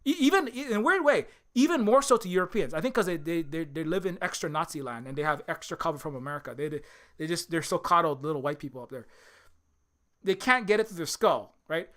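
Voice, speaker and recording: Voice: medium pitch, lively intonation, fast talker, fairly bright tone. A host from Hawaii giving an impassioned political commentary monologue, swearing often, restarting sentences and asking "right?" again and again. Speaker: channel host.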